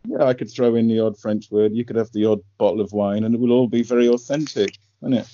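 A man's voice: fairly low pitch, fairly even intonation, quick pace, warm tone. A man co-hosting a casual podcast chat, playful and teasing. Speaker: podcast co-host. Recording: dull lo-fi sound with faint music.

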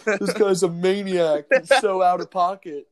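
A young man with a slightly high voice co-hosting a podcast. He chats in a relaxed, amused way and laughs often. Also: a little slow. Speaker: podcast co-host. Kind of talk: casual chat.

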